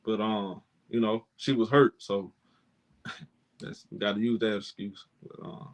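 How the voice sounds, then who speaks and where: A man's voice: fairly low pitch, steady tone, a little slow. A young man co-hosting a live sports reaction stream, debating players in emphatic, slangy casual talk. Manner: emphatic, slangy, mocks critics with put-on voices.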